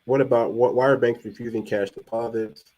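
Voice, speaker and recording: A man's voice: mid-range voice, fairly even intonation, a little fast, a little mellow, rough recording. A man hosts a live-streamed talk show, chatting casually with his co-host and viewers. He thinks aloud as he types and searches, with a voice in the middle of the usual range. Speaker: podcast host.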